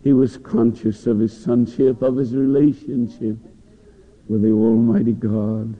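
A man's voice: medium pitch, fairly even intonation, a little slow. A man preaching a sermon in a church, with passionate, rising and falling delivery. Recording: dull lo-fi recording in a long-echo hall.

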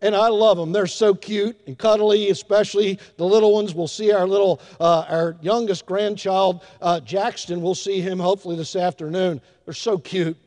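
An older man preaching a sermon in a church, telling folksy stories with emphatic shifts in loudness. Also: high voice, steady tone, moderate pace, hardly any pauses. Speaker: pastor. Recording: long hall reverb.

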